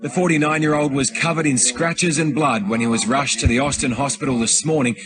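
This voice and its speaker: A man reading a TV news report in a measured way. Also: medium pitch, steady tone, a crowd in the background.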